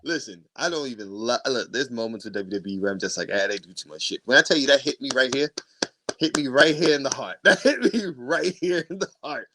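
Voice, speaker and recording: A man co-hosting a wrestling podcast in casual chat, animated and quick to swear and laugh. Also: mid-range voice, no echo. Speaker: podcast co-host.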